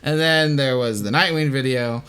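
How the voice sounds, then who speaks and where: A man's voice: medium pitch, moderate pace, bright, forceful tone, clear, resonant tone. A young man hosting a casual, self-mocking commentary, rambling and swearing now and then. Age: young adult. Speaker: host.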